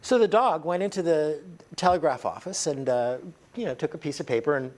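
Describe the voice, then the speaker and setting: A man's voice: fairly high pitch, brisk, darkish tone. A man teaching a workshop to a group in a training room, conversational and chatty with many fillers. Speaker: NLP trainer.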